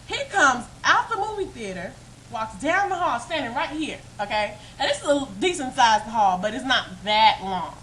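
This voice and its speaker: A woman vlogger telling a story to her webcam in a casual, animated and emphatic way. She often breaks into laughter and speaks straight to her viewers. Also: fairly high pitch, moderate pace, a little hiss or hum, poor audio. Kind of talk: casual storytime monologue to camera.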